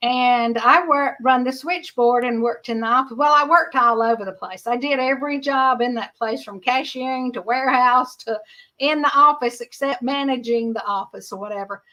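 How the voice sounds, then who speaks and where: A woman's voice: a little high, moderate pace, bright, forceful tone. A middle-aged woman with a Georgia Southern accent, hosting a casual livestream, chatty and laughing often while reading viewer comments. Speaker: livestream host.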